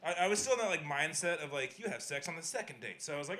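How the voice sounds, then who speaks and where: A man's voice: fairly high pitch, lively intonation, quick pace, bright, forceful tone. A young man hosting a comedy show, telling a rambling story full of fillers between acts. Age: young adult. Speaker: host of a comedy open mic. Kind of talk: stand-up hosting. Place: small comedy venue.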